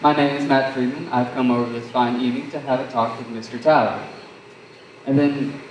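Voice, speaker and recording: A teenage actor brings a fast-talking, sardonic young man full of big words. He sounds distant and roomy on a school stage, with a faint hiss behind. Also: medium pitch, fairly even intonation, close to an everyday voice. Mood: storytelling. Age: teens. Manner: wordy, sardonic, theatrical. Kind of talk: high school stage play.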